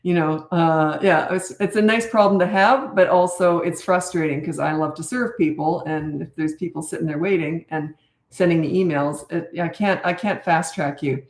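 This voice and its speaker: A woman in her sixties with a gravelly, creaky edge to her voice answers parenting questions in a candid, self-deprecating chat. Her voice rings in a roomy, echoey space. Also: low-pitched, fairly even intonation, normal speed. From Canada. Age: 60s. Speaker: parenting coach. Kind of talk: live Q&A chat.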